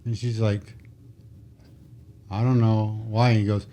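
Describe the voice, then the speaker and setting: A retired police officer with a fairly low pitch spins casual stories at an unhurried pace for a podcast microphone. Animated throughout, he acts out people's words and describes himself as particular.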